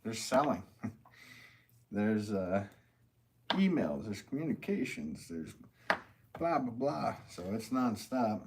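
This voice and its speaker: A man's voice: fairly low pitch, sing-song, slow pace, long pauses, a little mellow, slight background noise, rough recording. A man chatting casually while he works during a live stream from his pottery studio, rambling, full of fillers, and laughing often.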